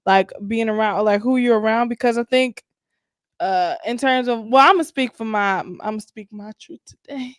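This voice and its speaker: A woman co-host with a fairly high voice who mostly laughs along and adds short, wry remarks. Her voice is close and dry. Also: moderate pace, no echo. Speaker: podcast co-host. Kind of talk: casual chat.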